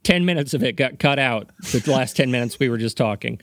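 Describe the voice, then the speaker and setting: A man's voice: mid-range voice, lively intonation, brisk, dry recording, clean studio sound. A man hosting a casual comedy podcast, explaining his topic with rambling, self-aware asides and a wry tone. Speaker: podcast host presenting the topic.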